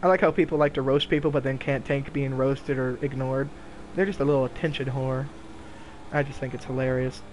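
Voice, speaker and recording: A young man streaming a game, talking casually with loud, profane, laughing trash talk. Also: mid-range voice, steady tone, brisk, slight background noise. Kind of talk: casual gaming stream commentary.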